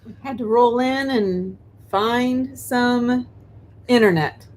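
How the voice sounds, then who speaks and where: A woman's voice: fairly high pitch, takes it slowly, a little mellow, a little hiss or hum. A woman co-hosting a live stream from a parked vehicle, teasing her partner and greeting viewers by name. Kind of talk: casual live-stream chat. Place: parked vehicle behind a restaurant.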